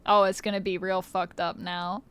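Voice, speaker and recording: A woman's voice: fairly low pitch, little pitch movement, normal speed, fairly bright tone, smooth. A woman streamer in casual livestream chat, playful, swearing freely and laughing often, on a close mic.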